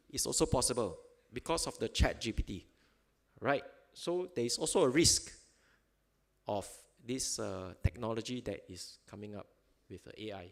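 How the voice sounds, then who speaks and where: A man's voice: medium pitch, lively intonation, normal speed, vocal fry. Guy giving a seminar talk in a hall, easygoing, keeps tagging "right?" on stuff. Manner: tag questions after every point; loose, informal phrasing with fillers. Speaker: seminar speaker. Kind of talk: conference talk. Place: auditorium.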